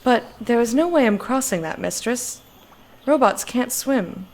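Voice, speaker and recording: A woman reading as a deadpan sarcastic robot. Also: fairly high pitch, unhurried. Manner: deadpan, formal. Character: dry, sarcastic servant robot.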